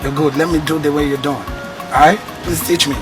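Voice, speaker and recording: A man's voice: a little high, steady tone, normal speed, recorded from a distance. A man in a comedy skit playing a grandson, hesitant and asking to be taught. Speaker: comic foil playing a grieving grandson. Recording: loud music behind.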